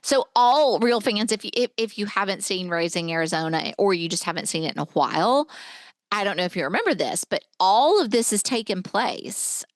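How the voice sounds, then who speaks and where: A woman's voice: medium pitch, expressive, a little fast, dry recording. A woman co-hosting a movie podcast, chatting casually and recapping scenes with many fillers. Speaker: podcast co-host.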